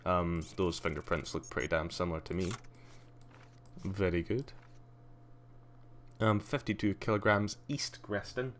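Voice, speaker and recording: Deep-voiced Scottish man with a posh tinge. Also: measured pace, long pauses, noisy background. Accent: Scottish with a slight posh English tinge. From Scotland. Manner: chatty, dry, self-mocking. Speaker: streamer. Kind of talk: casual livestream commentary.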